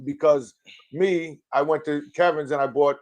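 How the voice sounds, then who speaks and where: A middle-aged man hosting a casual chat, telling animated stories. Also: on the high side, normal speed. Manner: storytelling, animated. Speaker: podcast host.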